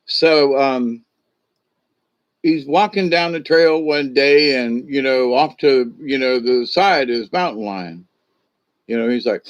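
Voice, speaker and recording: A man's voice: mid-range voice, takes it slowly, dry recording. A man, a shaman, casually telling a folk tale, rambling with many "you know"s and restarts. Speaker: shaman storyteller. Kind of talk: casual spoken storytelling. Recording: dull lo-fi recording.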